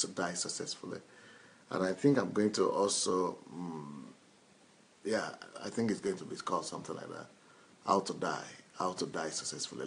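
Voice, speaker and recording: Low, gravelly pastor, blunt and insistent. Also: male voice. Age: 50s. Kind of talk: live question-and-answer talk.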